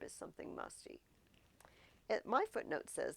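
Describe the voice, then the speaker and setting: A woman's voice: on the low side, expressive, moderate pace, creaky. A woman tutor walking through a play scene by scene, explaining it in plain modern paraphrase. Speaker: literature tutor.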